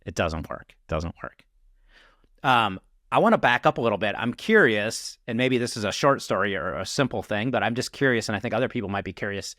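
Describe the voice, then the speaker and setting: A man's voice: on the low side, expressive, brisk, a bit bright, no echo, studio quality. A man with a Midwestern accent hosting an interview, asking casual, curious questions. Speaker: interview host. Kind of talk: interview conversation.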